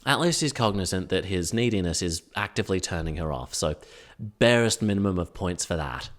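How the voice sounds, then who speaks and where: A man's voice: low voice, animated, a little fast. A man giving a comedic, sarcastic recap of a TV episode, full of wry asides. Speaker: recap vlogger.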